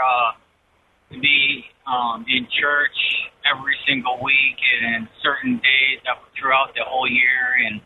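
A man calling in to a radio show over a tinny phone line with a faint hiss behind him. He is a truck driver who speaks in a halting way, pausing often with fillers. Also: mid-range voice. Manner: hesitant, halting, many fillers. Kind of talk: phone-in call.

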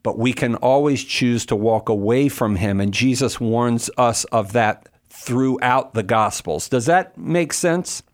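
Emphatic man explaining scripture. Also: mid-range voice. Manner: emphatic, explanatory, quick asides. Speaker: apologist answering callers. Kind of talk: call-in radio talk.

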